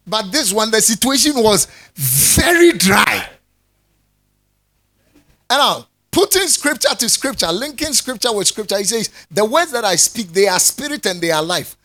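Pastor guy preaching, kinda high voice, swoops all over the place, jokes around w the crowd. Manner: animated preaching, jokes with the congregation, calls for responses. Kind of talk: sermon.

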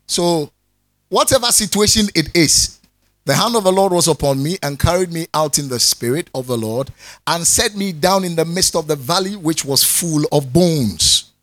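A man preaches a sermon, his fairly high voice leaping up and down in pitch as he jokes with the people and calls for answers. His delivery is animated and conversational. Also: normal speed. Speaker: pastor.

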